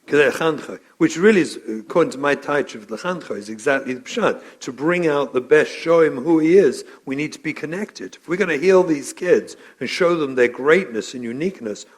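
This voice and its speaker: A middle-aged man, a rabbi and parenting educator, gives a live training lecture, telling stories with acted-out quotes and Yiddish and Hebrew terms. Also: on the high side. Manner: animated storytelling, acts out quotes, mixes Yiddish and Hebrew terms.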